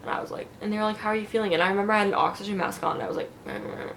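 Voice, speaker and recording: A woman's voice: mid-range voice, racing, a bit bright, a little hiss or hum. Chatty young woman telling a story. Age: young adult. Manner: chatty, lots of "like" and quoted asides, laughing often. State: recovering from neck surgery. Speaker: vlogger. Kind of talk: casual storytelling vlog.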